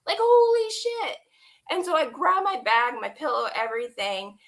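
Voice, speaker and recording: A woman telling an emotional personal story as a guest, animated and quoting the people in it, laughing at times and close to tears. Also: high voice, normal speed. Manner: animated retelling with quoted dialogue, laughing and near tears. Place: online stream.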